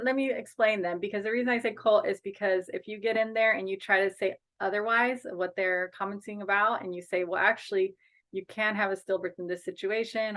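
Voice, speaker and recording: A woman's voice: medium pitch, fairly bright tone. A woman speaking as a guest in a casual interview over a video call, earnest and outspoken, a bereaved mother and advocate.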